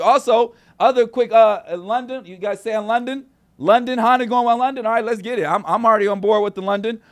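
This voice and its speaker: Male streamer host, high-pitched, loose and chatty, dry studio sound. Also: no room sound. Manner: rambling, talks straight to chat viewers. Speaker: show host. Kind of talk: casual livestream chat. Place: small studio.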